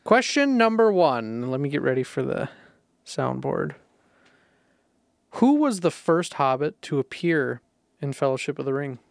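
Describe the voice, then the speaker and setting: A man's voice: mid-range voice, big pitch swings, unhurried, creaky, long pauses, no room sound, studio quality. A man co-hosting a podcast who runs a trivia game in a playful, teasing way. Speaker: podcast co-host, quiz master. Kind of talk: casual chat.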